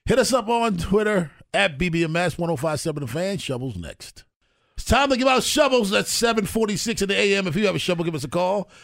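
A man hosting a sports radio show, briskly running segments and reading out the call-in number. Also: high voice, expressive, creaky, a bit bright, dry recording, studio quality.

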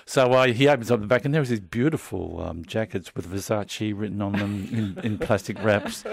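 A man hosting a show, telling a story in a casual, halting way with lots of restarts and an amused edge. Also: on the low side, gravelly.

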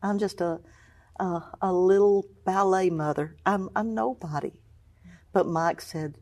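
A middle-aged woman telling her story of faith as an interview guest, acting out what people said, moving between hushed and excited tones. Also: medium pitch, unhurried. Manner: storytelling, acts out quoted voices, swings from hushed to exclaiming. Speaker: guest, cancer survivor. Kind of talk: emotional personal testimony.

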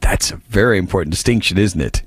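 Man, talk radio host, animated pitch, dry close sound, reads listener notes with wry quips. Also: fast talker, slightly rough, no room sound. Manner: reads listener messages aloud, wry asides. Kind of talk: political talk radio commentary.

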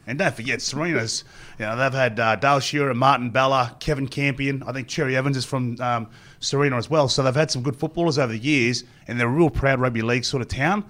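A middle-aged Australian man speaks as an interview guest, telling long stories at a quick clip. His voice sits in an ordinary middle range. He rambles from one anecdote to the next and acts out what other people said. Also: mid-range voice, steady tone, fairly bright tone. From Queensland, Australia. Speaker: guest, former rugby player. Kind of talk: storytelling interview.

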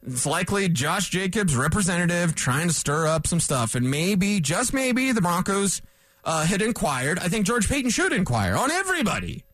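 Sex: man. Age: 40s. Role: sports talk radio host. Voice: high, lively. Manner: rambling, self-correcting. Mic: dry studio. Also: moderate pace, no room sound. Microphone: studio microphone.

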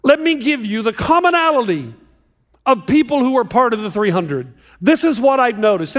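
A man preaching a sermon as pastor, animated and joking with a live audience in a large hall. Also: very high voice. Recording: long hall reverb.

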